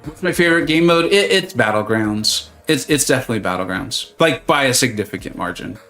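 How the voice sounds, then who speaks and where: A man's voice: mid-range voice, animated, fairly quick, sharp tone, faint music behind. A man chatting casually and joking with viewers while streaming a game, greeting them by name. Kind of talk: casual live-stream chat.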